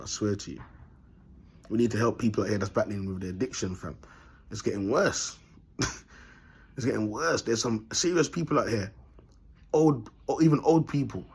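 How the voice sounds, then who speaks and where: A man's voice: on the low side, darkish tone, husky. A man, vlogging in a blunt, rambling monologue full of street slang and frequent laughter. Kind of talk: casual monologue to camera.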